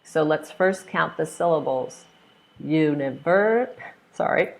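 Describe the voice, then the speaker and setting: Low, gravelly American woman teaching. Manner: slow, exaggerated modelling of stressed syllables; acts out voices in her stories. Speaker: pronunciation teacher. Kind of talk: online pronunciation lesson.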